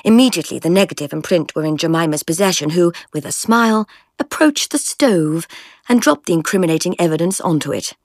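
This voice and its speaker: Expressive woman storyteller with a lively, varied delivery. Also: fairly low pitch, brisk, no room sound, studio quality. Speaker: audiobook reader. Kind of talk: scripted story narration.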